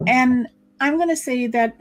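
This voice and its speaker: A chatty woman co-hosting a live card-reading stream. Her voice sits a little high, and she runs through viewer comments one after another in a relaxed, friendly way. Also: unhurried. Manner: chatty, reads viewer comments aloud, laughs easily. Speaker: co-host psychic reader.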